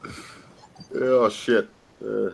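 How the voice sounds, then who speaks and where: A man's voice: fairly low pitch, steady tone, very slow, gravelly, a little mellow, slightly rough. An English man hosting a casual live stream, rambling and chummy, with the odd swear. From United Kingdom. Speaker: host.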